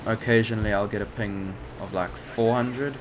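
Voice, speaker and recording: This young gaming channel host's voice sits on the low side, with a steady tone and normal speed. He offers rambling, hesitant commentary full of fillers over his flight game footage. Background game noise is audible.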